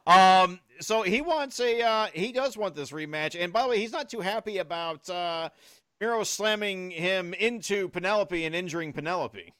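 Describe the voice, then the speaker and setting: Male podcast co-host, chatty recapper, slightly higher voice, dry booth sound. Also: moderate pace, sharp tone, dry recording. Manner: chatty recapper, laughs easily, many fillers. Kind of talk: casual wrestling podcast chat.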